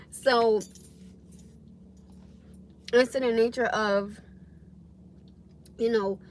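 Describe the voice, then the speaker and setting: A woman's voice: on the high side, sing-song, drawn-out words, long pauses, darkish tone, a little hiss or hum. A woman hosting a casual livestream, talking bluntly and animatedly to her viewers and swearing freely. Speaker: livestream host.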